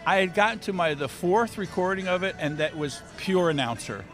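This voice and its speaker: A man's voice: high-pitched, fairly quick. A man chatting as an interview guest, telling jokey stories with lots of animation. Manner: animated, joking storyteller. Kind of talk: casual interview chat. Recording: music playing in the background.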